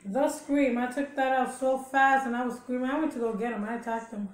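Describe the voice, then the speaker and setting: A woman chats and tells stories while eating for a mukbang video, laughing often, with chewing sounds audible. Her voice is on the high side, steady, and fast. The room is echoey.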